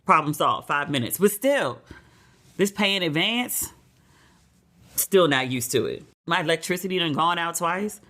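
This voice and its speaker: A woman's voice: fairly low pitch, expressive, unhurried, a bit bright. Woman, middle-aged, American, podcast host, casual storytelling chat. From United States. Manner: chatty storytelling, acts out quoted people in a raised voice.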